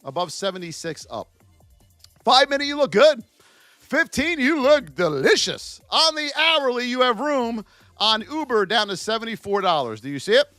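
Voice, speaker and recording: A man hosting a live stock trading stream, giving market commentary and shouting out chat names in an animated, sing-song way. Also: very high-pitched, normal speed, no echo, faint music behind. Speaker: stock trading livestream host.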